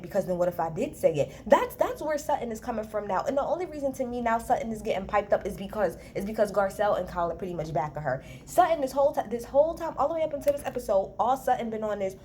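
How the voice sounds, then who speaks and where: A woman recording a casual reality TV recap on a handheld phone, talking to her viewers in a blunt, animated rant full of profanity. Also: medium pitch, quick pace, slight background noise. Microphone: handheld phone, no tripod.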